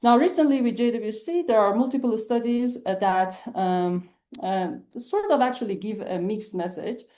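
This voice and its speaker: A woman's voice: fairly high pitch, warm tone. A woman researcher giving a scientific lecture over a video call, explaining steadily with frequent "uh" fillers. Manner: many "uh" fillers, measured explanatory pace. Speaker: astronomy researcher giving a webinar talk.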